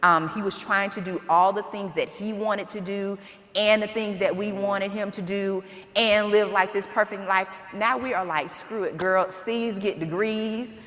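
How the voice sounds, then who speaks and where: A woman's voice: medium pitch, steady tone, normal speed, a bit bright. A woman speaking on a conference panel, candid and earnest, acting out bits of family dialogue. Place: conference hall. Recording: echoey hall, faint noise.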